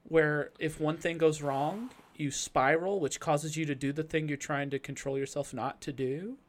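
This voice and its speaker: A man's voice: fairly high pitch, steady tone, normal speed. A man in his thirties talking candidly and reflectively as a podcast guest. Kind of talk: candid casual conversation.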